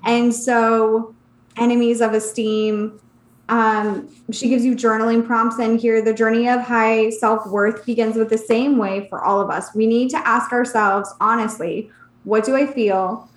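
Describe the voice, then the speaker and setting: A woman co-hosting a podcast, describing self-help books in an easy, hesitant chat. Her voice is a little high and sounds roomy, with echo around it. She pauses often with "um". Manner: relaxed, hesitant, many "um"s. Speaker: podcast co-host. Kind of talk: casual chat about books.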